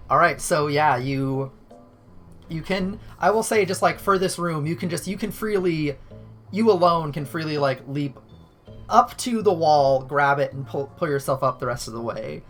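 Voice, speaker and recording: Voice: mid-range voice, lively intonation, normal speed, soft background music. A game master narrating a tabletop game in a loose, rambling way, often restarting sentences. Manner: rambling, self-correcting restarts.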